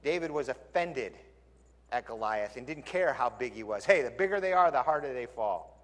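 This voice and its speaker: A male pastor preaching a sermon in a lively, conversational storytelling way, in a church sanctuary. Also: mid-range voice, normal speed. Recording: long church hall reverb.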